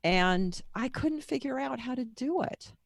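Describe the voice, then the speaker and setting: A woman's voice: sits high, lively intonation, measured pace, vocal fry, dry recording. A middle-aged woman being interviewed as a guest author and coach, telling her story in a candid, personal, wandering way.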